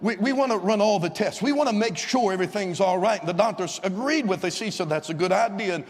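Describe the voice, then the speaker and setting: A man, a visiting evangelist, telling a story in a fervent revival sermon that rises to shouts of praise, recorded in a church. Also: high-pitched, quick pace. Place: church sanctuary. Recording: long church-hall reverb.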